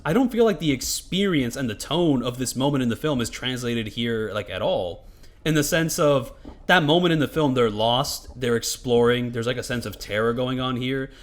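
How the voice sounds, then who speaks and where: A gaming commentator with a medium-pitched male voice talks at a normal speed over gameplay. His commentary is casual and rambling, full of swearing and fillers like "like" and "you know."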